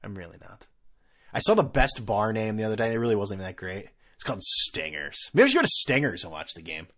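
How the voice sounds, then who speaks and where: A man's voice: fairly low pitch, sing-song, fast, a bit bright. Sarcastic, rambling male podcast host. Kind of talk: casual solo podcast rant.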